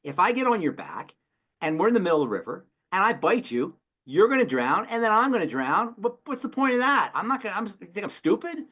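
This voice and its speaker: A man voicing a scheming male scorpion in a retold fable, mocking and raising his pitch. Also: sing-song, fairly quick, pushed and bright, husky, full character voice. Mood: persuasive.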